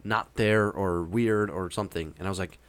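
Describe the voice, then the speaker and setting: A man's voice: low voice, fairly even intonation, moderate pace, no room sound. A man casually telling a long, meandering anecdote with frequent hesitations. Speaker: storyteller. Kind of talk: casual chat.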